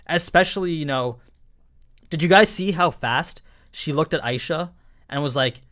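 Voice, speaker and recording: A man's voice: fairly high pitch, moderate pace, fairly bright tone. A young man hosting a casual live-stream anime review, talking in a chatty, emphatic way, full of 'like' and 'you know'.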